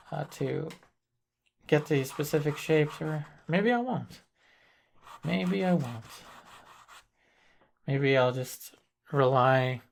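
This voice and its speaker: Slow, gravelly-voiced man teaching painting. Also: medium pitch. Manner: thinks aloud while working, calm and deliberate. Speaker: painting instructor. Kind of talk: live painting demonstration.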